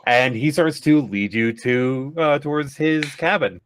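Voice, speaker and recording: A man narrating as game master, unhurried and with many fillers. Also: medium pitch, lively intonation, slight background noise.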